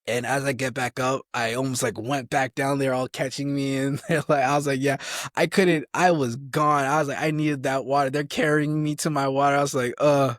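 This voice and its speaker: A man's voice: medium pitch, steady tone, moderate pace, no echo, clean studio sound. A young man in his twenties, an army soldier telling stories in a casual interview, rambling with restarts and acting out quotes.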